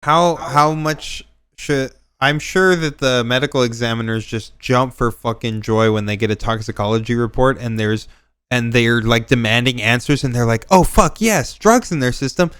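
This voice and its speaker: A man co-hosting a casual reaction stream, animated and sarcastic, with frequent laughs. His voice is bright and crisp. The sound is dry and close to the mic. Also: medium pitch, normal speed, no room sound. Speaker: stream co-host.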